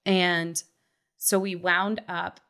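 Thirties woman guest, chatty and animated, acts out quotes, bright edge. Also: fairly low pitch, very slow. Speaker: guest, mother. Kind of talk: casual chat, personal story.

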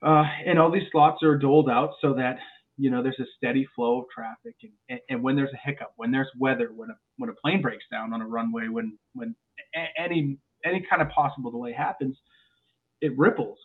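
A male airline pilot, a guest on a podcast, telling stories in a lively way and often restarting his words. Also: mid-range voice, a little fast. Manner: animated storyteller with frequent restarts and repeated words. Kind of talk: podcast interview chat. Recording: phone-like narrow sound.

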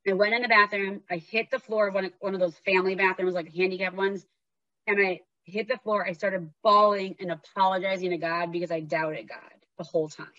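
A woman host speaks candidly about faith, then reads from her memoir in an earnest, heartfelt way. Her voice sits at a middle pitch. The recording is close and dry, with a slightly muffled, dull sound. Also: steady tone, brisk, a bit bright, no echo. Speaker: podcast host and memoir author.

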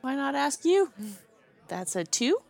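A woman speaks a little high, with a lively pitch and a gravelly edge. She laughs often and stumbles through her turns in a hesitant, giggly way during a tabletop game. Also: a little slow. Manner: giggly and hesitant, lots of fillers. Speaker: player. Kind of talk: casual tabletop play.

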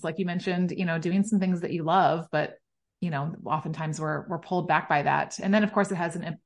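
A woman hosting a podcast, asking friendly, curious questions with plenty of fillers. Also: on the low side. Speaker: podcast host. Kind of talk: conversational podcast interview.

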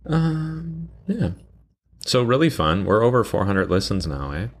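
A man with a very deep voice, co-hosting a podcast in casual chat and teasing his co-host playfully. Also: expressive, unhurried.

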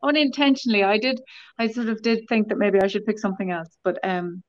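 A woman's voice: mid-range voice, fairly even intonation, quick pace, lo-fi sound. A woman chatting in a book club, hesitant and full of restarts as she introduces her pick. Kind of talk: casual chat.

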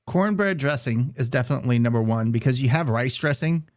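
A man's voice: mid-range voice, fairly quick, a little mellow. Blunt, teasing young man. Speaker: podcast co-host. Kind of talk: casual sports podcast chat.

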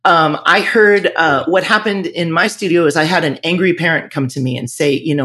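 A man's voice: a little high, brisk, hardly any pauses, pushed and bright. A man who owns a music school, speaking candidly and reflectively in a podcast interview, often restarting his sentences. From northern Virginia.

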